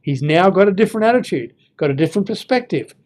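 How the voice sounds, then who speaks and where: A man's voice: high-pitched, lively intonation, fast talker, a little mellow. A man giving an informal Bible lesson, thinking aloud with fillers and reading verses with feeling. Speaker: Bible teacher.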